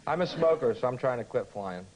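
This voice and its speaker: An American man, a comedian guest on a talk show, delivering dry, deadpan wisecracks. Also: medium pitch, fast, muffled recording, very noisy. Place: television studio with audience. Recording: TV broadcast with loud audience laughter.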